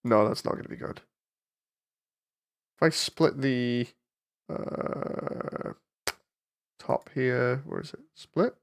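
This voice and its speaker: A man's voice: mid-range voice, slow, long pauses. A man with a stuffy, congested voice from a cold, chatting casually and thinking aloud while he edits an animation. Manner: rambling, thinking aloud, with frequent fillers. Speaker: 3D animator and channel host. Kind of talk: casual chat while editing.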